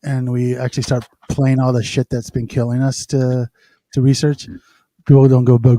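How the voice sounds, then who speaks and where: Deep-voiced man on a dry, dark mic. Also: level tone, normal speed, no room sound. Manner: rambling, fiddles with his audio gear while talking. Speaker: podcast co-host. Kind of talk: casual live-stream chat.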